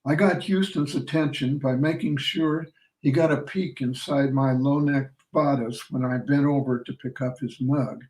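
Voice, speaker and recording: A man, an author, reading his novel aloud with a measured, deliberate delivery, recorded in a roomy space from a distant mic. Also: medium pitch, steady tone, a little mellow.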